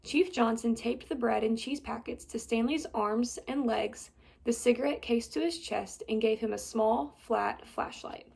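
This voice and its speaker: A woman in her twenties reading a children's chapter book aloud in a steady, clear way. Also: fairly high pitch, a little slow. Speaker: storybook reader. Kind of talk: children's story read-aloud.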